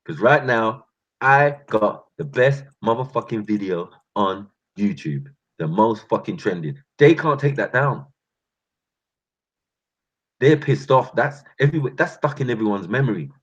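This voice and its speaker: A man telling boastful street stories in a casual, slangy, animated vlog. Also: lowish voice, a little slow, breathy edge. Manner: animated, slangy, boastful, breaks into laughs and sound effects. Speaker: channel host. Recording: muffled lo-fi sound.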